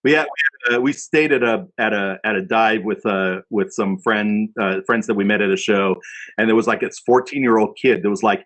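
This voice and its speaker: A man's voice: on the low side, normal speed, fairly bright tone, rough recording. A man in a casual band chat, retelling tour stories with lots of repeats and acted-out quotes. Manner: rambling, repeats phrases, acts out quotes. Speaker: band member. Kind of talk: casual storytelling among bandmates.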